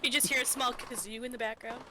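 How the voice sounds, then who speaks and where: A woman's voice: fairly high pitch, fairly even intonation, quick pace, noisy background. A woman playing a tabletop game, asking skeptical questions. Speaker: player. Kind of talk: casual game chat.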